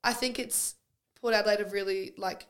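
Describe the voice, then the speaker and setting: A woman's voice: mid-range voice, fairly even intonation, fairly quick, a bit bright, clean tone. A young Australian woman, a guest on a sports podcast, chatting in an easygoing way with short replies and frequent laughs. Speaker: guest player. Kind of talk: casual chat.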